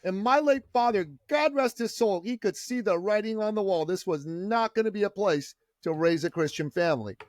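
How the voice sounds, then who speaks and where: High-voiced guy from iran, preachy and fired up, dry close mic. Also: moderate pace, few pauses, dry recording. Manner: fervent, preacher-like delivery. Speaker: entrepreneur guest. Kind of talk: podcast interview storytelling.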